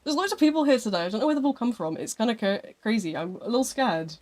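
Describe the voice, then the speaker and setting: Here a streamer chats with viewers quickly, with a medium-pitched voice and lively intonation. The conversation rambles somewhat and is full of "like" and "um."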